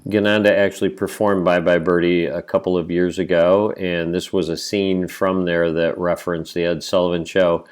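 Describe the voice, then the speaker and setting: A man with a low voice talks casually over a video, explaining who is who in an informal way. He keeps his asides plain and conversational. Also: flat delivery, moderate pace, few pauses, clean tone. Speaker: video commentator. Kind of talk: casual spoken commentary.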